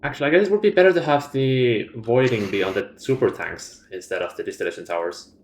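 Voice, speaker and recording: A man's voice: mid-range voice, expressive, fast, slight background noise. A man in casual voice chat while gaming, talking in a matter-of-fact, practical way. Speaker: game player. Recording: echoey room mic.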